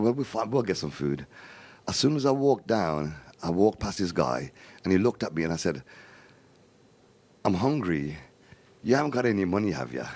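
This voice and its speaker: On a live charity appeal, a middle-aged man from Birmingham, England recounts his life in a very deep, husky voice. He animatedly performs the dialogue of those he quotes and repeatedly drops in "right, in here" among other little tics.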